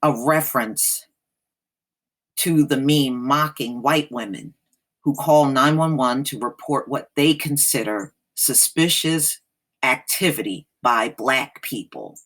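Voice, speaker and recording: Slow, sassy woman commentator. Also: very deep voice, a bit bright. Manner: sassy, blunt, slangy. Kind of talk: casual reaction commentary.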